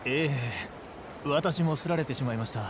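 A man's voice: fairly high pitch, fast, background noise, close to an everyday voice. An actor voicing a polite man who has been robbed by a pickpocket in a video game. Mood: earnest.

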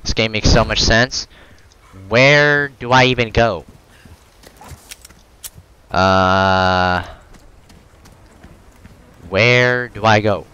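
A man's voice: fairly low pitch, extremely slow, long pauses, bright, forceful tone, clean tone, highs cut off. A man commentating his horror game playthrough, swearing and joking at the screen, yelping when something jumps out. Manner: profane, jokey, reactive, yelps when startled. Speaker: gamer.

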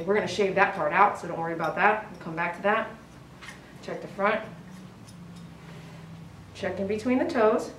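A woman dog groomer giving casual running commentary while she works, chatty and softly cooing to the dog. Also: fairly low pitch, noisy background. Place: grooming salon. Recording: echoey room, mic at a distance.

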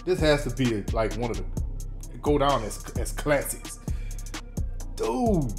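A man's voice: medium pitch, sing-song, slow pace, over music. A man hosting a reaction video, talking in laid-back slang and laughing often. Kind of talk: casual reaction commentary.

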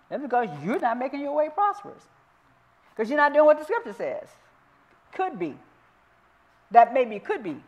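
A woman minister teaches scripture in church, with a light lilt. She drawls each verse slowly and presses every point home through repetition. Her voice sits in an ordinary middle register for a woman. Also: mid-range voice, sing-song, highs cut off. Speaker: minister teaching Bible study. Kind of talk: sermon-style Bible teaching.

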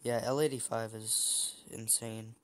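A man's voice: on the low side, level tone, a little slow, slight background noise. Chatty young man commentating gameplay. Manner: chatty, teasing opponents, frequent restarts. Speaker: gameplay streamer.

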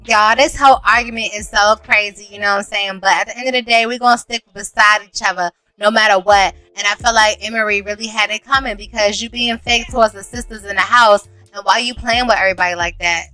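Bright, animated woman doing game commentary. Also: medium pitch, quick pace, hardly any pauses, no echo, faint music behind. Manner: animated, slangy, laughs often. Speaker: let's play host.

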